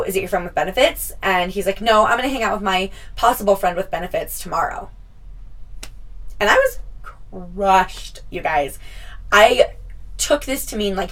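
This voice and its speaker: A woman's voice: medium pitch, fairly bright tone, distant mic. A young woman telling a story to her viewers in a casual, chatty way. She swears freely and acts out what people said. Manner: chatty, swears often, acts out quoted lines. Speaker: vlogger.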